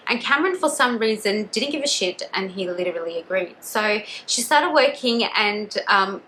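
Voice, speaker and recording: A young woman vlogger tells a true-crime story in a loose, casual way. Her voice is bright and forward. She rambles, full of fillers and restarts. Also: medium pitch, lively intonation, moderate pace, hardly any pauses, a little hiss or hum, rough recording.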